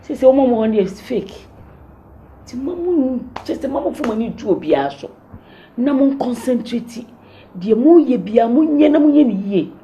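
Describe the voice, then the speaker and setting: A woman's voice: a little high, creaky, mellow, highs cut off, a little hiss or hum, exaggerated voice. An actress with a Ghanaian accent playing an older woman who gives earnest advice. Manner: advising, pleading.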